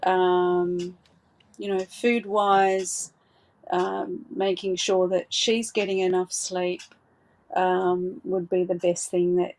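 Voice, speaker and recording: During a live psychic reading, a woman with a fairly low voice reassures gently, her speech marked by frequent hesitant fillers and restarts.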